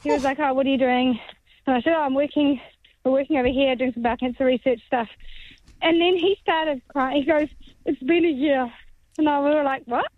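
A woman's voice: high-pitched, fast, no echo. A woman calling into a radio show and telling a chatty story. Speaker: caller. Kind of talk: phone-in anecdote. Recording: tinny phone line.

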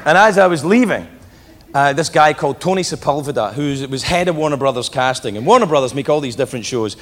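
A man doing an animated stand-up storytelling set, slipping in and out of voices. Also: a little high, quick pace. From Britain. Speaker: stand-up comedian. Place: large live venue with audience. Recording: live hall recording with crowd. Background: crowd laughter.

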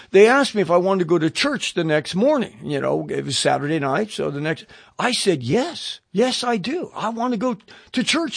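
Male preacher, high-pitched, dry close recording; lively testimony storyteller who addresses the listener head-on. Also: dry recording. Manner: animated storyteller voicing his own thoughts; direct, questioning the listener. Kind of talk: radio sermon testimony.

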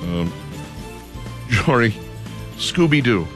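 A man hosting a talk radio show, reading listener picks in a relaxed, drawling way with lots of ums and uhs. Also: medium pitch, takes it slowly, over music. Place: radio studio.

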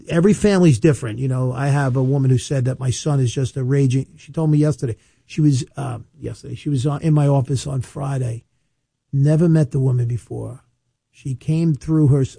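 A New man in his fifties talks through estate planning in a loose, anecdotal way, repeating himself and slowing down to drive a point home. His voice is very dark and mellow, at an ordinary pitch for a man. The recording is dry and close, with no room sound. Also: gravelly, no room sound. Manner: chatty, storytelling with quick asides and repetitions; emphatic, slows down to stress points. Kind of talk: casual advice monologue to camera.

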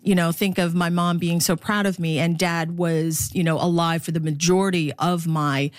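Lively woman sports broadcaster, dry sound. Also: moderate pace, no echo. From Philippines. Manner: warm and animated, laughs often, voice jumps high when quoting others. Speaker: sports broadcaster, interview guest. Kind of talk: candid interview conversation.

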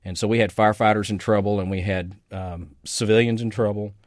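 Matter-of-fact fire official. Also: male voice, on the low side, fairly even intonation, brisk, dry recording, clean studio sound. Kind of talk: recorded oral history interview.

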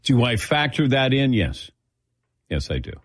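A man's voice: medium pitch, big pitch swings, a little slow. A man hosting a sports talk show in a studio, teasing his crew in casual banter and laughing often. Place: radio studio.

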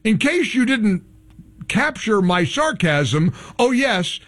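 Sarcastic high-voiced male radio host. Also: very animated, slow, a bit bright. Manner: mocking, sarcastic, exclamatory. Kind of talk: sarcastic political commentary.

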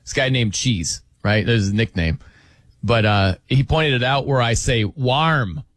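A man's voice: medium pitch, measured pace, fairly bright tone, no echo. A man hosting a casual radio talk show, chatty and laughing often, speaking into a studio microphone. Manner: chatty, laughs often, mimics others' pronunciations. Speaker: sports radio host.

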